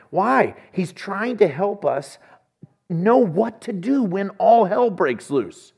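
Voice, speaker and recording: A man's voice: high-pitched, sing-song, a little slow, gravelly, darkish tone, slightly rough. A man preaching a sermon as pastor, telling stories and acting out conversations. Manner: storytelling, acts out conversations.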